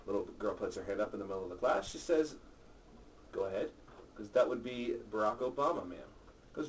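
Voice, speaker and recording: A man tells filthy jokes to his friends and swears freely as he acts out the characters. His pitch swings widely. He sits well back from the camera mic, and a faint hiss runs underneath. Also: sing-song, a little fast, long pauses, far from the mic. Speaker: joke teller. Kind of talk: telling dirty jokes among friends. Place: apartment.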